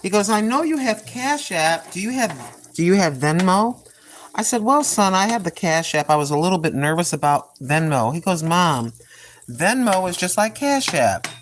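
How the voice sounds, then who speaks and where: A woman's voice: on the low side, very animated, normal speed, slight background noise. An older woman chatting through a cooking live stream in her home kitchen, rambling and repeating herself in a folksy way. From Oregon, US.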